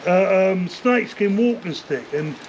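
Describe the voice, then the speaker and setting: An older man, telling rough stories from his past in a rambling interview, swearing often and filling gaps with "like, you know.". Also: high voice, animated, a little slow, darkish tone. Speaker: interview guest, former bare-knuckle fighter. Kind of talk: casual storytelling interview. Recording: dull lo-fi sound with faint noise.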